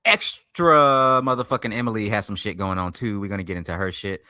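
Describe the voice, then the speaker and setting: A man streaming and reacting to a video, talking loudly in profane slang and swinging between hype and mumbles. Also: on the low side, brisk, dry recording. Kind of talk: casual reaction stream chat.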